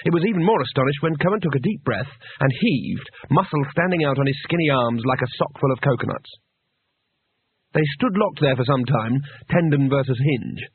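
A man narrates a storybook in a steady, wry manner. His voice is husky. It sounds dry and tinny, squeezed into a narrow phone-like band. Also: medium pitch, normal speed, dry recording. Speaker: audiobook narrator.

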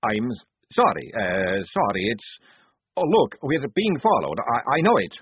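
A man's voice: medium pitch, huge pitch swings, a little slow, slightly rough, no room sound, exaggerated voice. A man voicing a jittery young male vampire soldier who stammers in agitation. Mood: agitated. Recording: tinny phone-like sound.

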